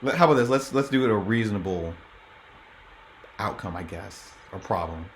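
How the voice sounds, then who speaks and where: A man's voice: lowish voice, expressive, normal speed, noisy background. A man playing a tabletop game, laid-back, with short replies and murmured agreement. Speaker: player. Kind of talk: casual chat at a game table. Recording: echoey room.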